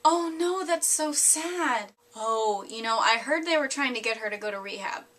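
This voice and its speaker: A woman voicing an elderly grandmother who speaks in a gentle, doting tone and says blunt, crude things. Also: fairly high pitch, brisk, voice pushed down. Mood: sweetly blunt.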